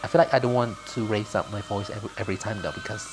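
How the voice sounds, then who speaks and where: A man's voice: on the low side, fairly even intonation, rapid-fire, music in the background. A man casually commenting on a mobile game he is playing, rambling with slips. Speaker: gaming channel host.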